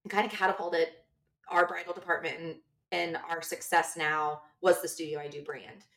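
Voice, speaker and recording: A woman co-hosting a casual chat, telling stories in a lively way and acting out the lines of the people in them. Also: on the low side, normal speed, far from the mic. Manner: animated, acts out quoted dialogue. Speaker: podcast co-host and bridal shop owner.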